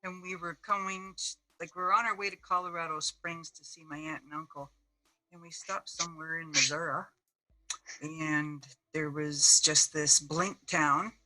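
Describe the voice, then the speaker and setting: A woman's voice: deep voice, fairly even intonation, normal speed, bright, forceful tone, poor audio. A woman from Canada on a video call, telling a story in a chatty, emphatic way. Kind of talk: casual storytelling.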